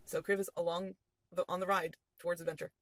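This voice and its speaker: A woman's voice: fairly low pitch, level tone, quick pace, dry recording, low-quality recording. A woman as game master, recapping a tabletop game session with playful storytelling.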